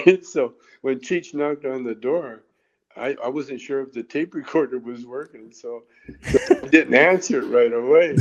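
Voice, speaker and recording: A man's voice: mid-range voice, moderate pace. A man telling stories as a podcast guest at home, laughing often as he talks. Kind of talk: casual storytelling. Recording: slightly dull lo-fi recording.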